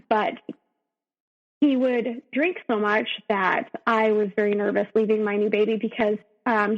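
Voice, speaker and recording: A woman's voice: fairly high pitch, muffled recording. A woman in her thirties telling a personal story as a podcast guest, emotional and full of fillers and restarts.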